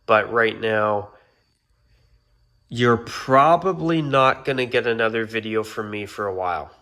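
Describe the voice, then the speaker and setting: This male YouTuber has a lowish voice and a measured pace, yet his tone stays bright and forceful. Chatting casually with viewers, he rants in exasperation and throws in occasional apologies.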